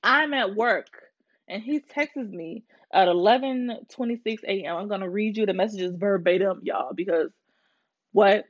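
A woman's voice: mid-range voice, moderate pace. Woman in her twenties, profane venting. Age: 20s. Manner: profane, animated venting to listeners. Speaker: podcast host. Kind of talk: casual storytelling rant. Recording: slightly muffled with faint music.

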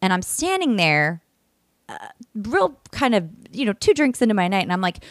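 Woman, casual storyteller, swears a lot, medium pitch, dry close sound. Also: a little fast, no room sound. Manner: animated, swears freely, acts out her own screams and quotes. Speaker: podcast guest telling a story.

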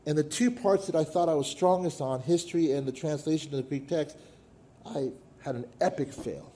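A middle-aged man preaching a sermon, telling a personal story with dramatic pauses and sudden drops to a hush. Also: on the high side, slight background noise. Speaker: pastor.

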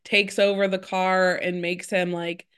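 A woman's voice: fairly low pitch, flat delivery, measured pace, fairly bright tone, smooth. A woman co-hosting a podcast, casually discussing a TV show with frequent laughter and agreement. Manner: laughing agreement, short reactions. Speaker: podcast co-host. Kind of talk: casual chat recapping a TV show.

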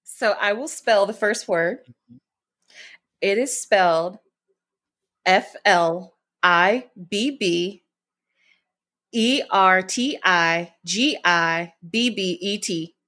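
A woman co-hosting a podcast in casual chat, calmly spelling words out letter by letter. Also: medium pitch, drawn-out words, pauses often. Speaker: podcast co-host.

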